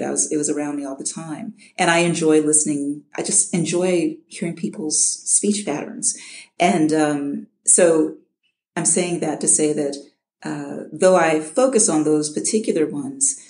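A woman's voice: low voice, mellow, reverberant. A middle-aged woman from Chicago, an audiobook narrator, talking casually in an interview, often restarting with repeated words and laughing.

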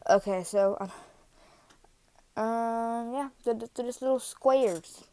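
A woman's voice: fairly high pitch, slow, mellow, dry recording. A woman vlogger in casual chat, rambling with many fillers and asides, recorded on a phone. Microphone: iPhone.

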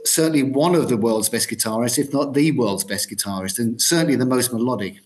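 A man's voice: medium pitch, a little fast, a little hiss or hum. A man in his sixties, a guitarist being interviewed, chatting casually with many ums and restarts. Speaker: guitarist guest.

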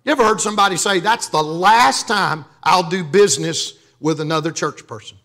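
A man's voice: high-pitched, normal speed, a bit bright. A man from Louisiana preaching a sermon as pastor, joking and calling on the congregation to respond. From Louisiana, USA.

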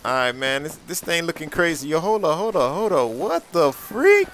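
A young man giving casual, excitable game commentary, full of slang and repeated reactions. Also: on the high side, moderate pace, slight background noise. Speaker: gameplay commentator.

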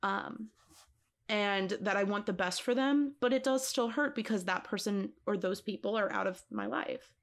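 Woman co-host, mid-pitched, expressive and emphatic, laughs easily; casual podcast chat. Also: moderate pace.

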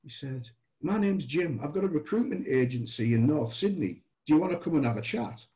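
A man from England chats as a podcast guest, telling long anecdotes and putting on voices for the people in them. His voice is warm and mellow. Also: a little high, a little fast, rough recording. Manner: animated storyteller, acts out dialogue. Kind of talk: anecdotal storytelling.

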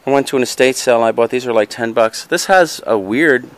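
A man's voice: medium pitch, fairly quick, a bit bright. A man in a casual haul vlog, rambling through his thrift finds and talking straight to viewers, often correcting himself mid-sentence. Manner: rambling, chatty storyteller; self-correcting, talks to viewers directly. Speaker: reseller showing his finds.

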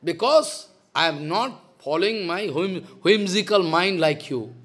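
A man's voice: high-pitched, expressive, a little slow, fairly bright tone, slightly rough. A man, a spiritual teacher giving a devotional lecture in a stern, scolding manner, repeating his points. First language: Bengali.

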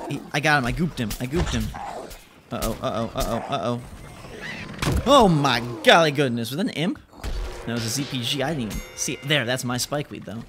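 A young man giving excitable let's-play commentary as a gaming channel host, exclaiming and repeating himself. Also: mid-range voice, a little fast. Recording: noticeable background noise.

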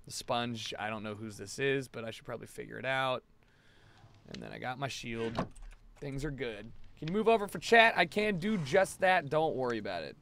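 A man's voice: medium pitch, fairly bright tone. A man streaming a game live from his apartment, ranting to his chat in a rambling way and swearing freely. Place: home apartment.

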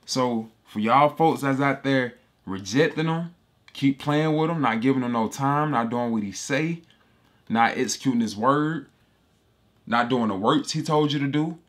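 A man's voice: medium pitch, unhurried, fairly bright tone. Emphatic man preaching in slangy casual talk. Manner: emphatic and repetitive, slangy street talk, addresses listeners as bro. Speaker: Bible teacher. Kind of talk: casual scripture commentary.

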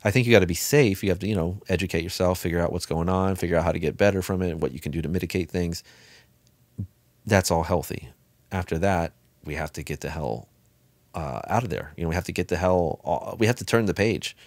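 A man's voice: deep voice, brisk, dry recording. A middle-aged man coaching on withdrawal, talking in a blunt, folksy, rambling way and swearing casually while answering questions. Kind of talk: casual Q&A monologue.

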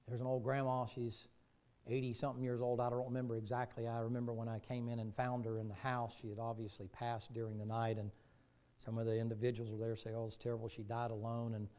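A male pastor preaching a sermon and telling stories, his voice moving from loud passages to hushed ones. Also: mid-range voice. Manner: storytelling, swings from loud to hushed.

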